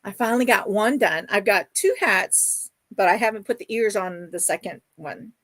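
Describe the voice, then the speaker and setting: A woman's voice: medium pitch, lively intonation, normal speed, dry recording. A middle-aged woman hosting a casual livestream, chatting and reading viewer comments aloud in a gushing, affectionate way. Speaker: livestream host.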